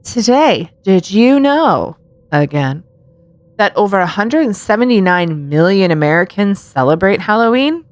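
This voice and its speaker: A woman's voice: medium pitch, very animated, unhurried, no room sound. A woman co-hosting a casual podcast, joking and laughing often and swearing freely. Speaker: podcast co-host.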